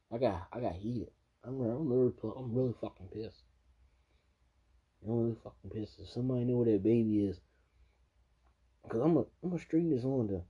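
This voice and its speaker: A man's voice: medium pitch, breathy edge, muffled recording. A man reacting to a news clip with heated, profane ranting full of restarts. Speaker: video reactor. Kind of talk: casual reaction commentary.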